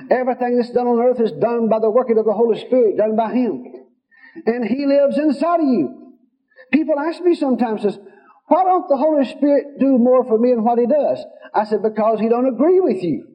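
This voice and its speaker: A man preaching a sermon, telling stories in a folksy way and quoting conversations in his own voice. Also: very high voice. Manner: folksy storytelling, quotes God and others in his own voice. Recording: dull lo-fi sound.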